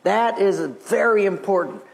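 Seventy-year-old pastor with a high voice. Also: male voice, sing-song, measured pace, vocal fry. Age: 70s. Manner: folksy storytelling, chuckling at his own punchlines. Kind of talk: sermon with jokes. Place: church sanctuary with congregation. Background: congregation laughing.

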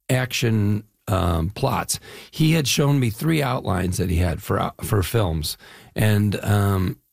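Gravelly older man telling stories. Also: lowish voice, a little mellow, no echo, studio quality. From Chicago area, US Midwest. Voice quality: gravelly, husky. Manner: enthusiastic storytelling with fillers and repeats. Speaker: actor guest. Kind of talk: casual interview talk.

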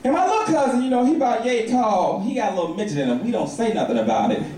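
A man doing a stand-up comedy routine, telling a story with lively voiced characters. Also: sits high, fast talker, noisy background. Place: comedy club stage. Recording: echoey club from a distance, crowd.

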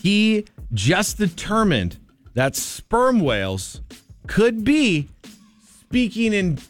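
A male radio co-host chats in a slightly high voice that swings very widely. He drawls slowly and sounds dry and close. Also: soft background music. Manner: laid-back, drawn-out, animated. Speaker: radio morning show host. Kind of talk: casual radio banter.

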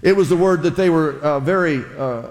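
Man, slightly high voice, pastor giving a chatty sermon, has the congregation repeat after him; reverberant church. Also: brisk. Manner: conversational, asks the congregation to repeat words. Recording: long hall reverb.

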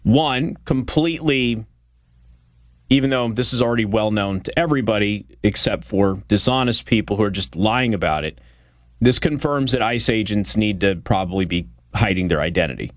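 A man's voice: fairly low pitch, moderate pace, dry recording. Man, talk show host, blunt opinionated monologue, dry close mic. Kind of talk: political talk commentary.

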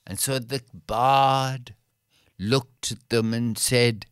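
A woman telling a fairy tale aloud in an expressive way, giving the characters their own voices. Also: very deep voice, clear, resonant tone, no echo, studio quality. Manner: expressive, voices characters, slow deliberate pacing. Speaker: storyteller. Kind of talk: oral fairy-tale storytelling.

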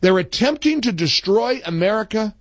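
Older male talk radio host, higher-pitched, very lively delivery, dry close mic. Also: moderate pace, dry recording. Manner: emphatic, animated, swings between low asides and high outbursts. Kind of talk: political talk radio monologue.

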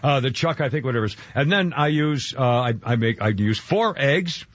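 A man's voice: mid-range voice, animated, fairly quick, no room sound, highs cut off. A man hosting a radio show, chatting casually and rambling with lots of fillers and restarts. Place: radio studio.

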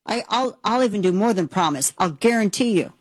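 A woman's voice: mid-range voice, expressive, a little fast, no room sound, poor audio. An American woman hosting political commentary, emphatic and opinionated, rambling with frequent restarts. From United States. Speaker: commentary host.

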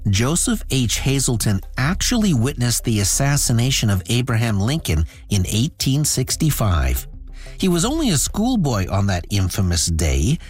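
A man's voice: medium pitch, huge pitch swings, normal speed, faint music behind. A man hosting a radio show, telling stories in scripted, conversational narration. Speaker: radio host.

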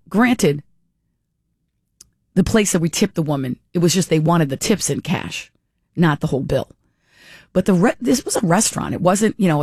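A woman's voice: sits low, a little mellow, no echo, clean studio sound. A middle-aged woman telling a rambling, casual story, chatty and amused, often correcting herself mid-sentence. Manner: chatty and rambling, with frequent restarts and self-corrections.

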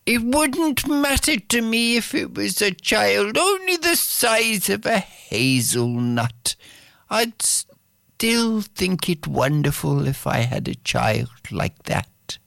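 A woman's voice: slow, vocal fry, dry recording, clean studio sound, exaggerated voice. A woman voicing a wistful old cottage mother who longs for a child, in a sighing, pleading way. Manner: sighing, pleading, high and excitable.

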